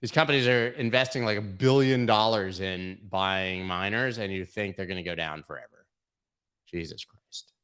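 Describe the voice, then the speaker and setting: A man's voice: sits low, normal speed, fairly bright tone, clear, resonant tone. A man hosting a crypto livestream, going over charts in casual, irreverent commentary full of swearing and mockery. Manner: irreverent, profane, mocking.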